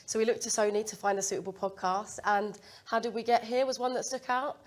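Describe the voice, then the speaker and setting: A woman from a media agency speaking on a business panel about a campaign, measured and with some fillers. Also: on the high side, steady tone.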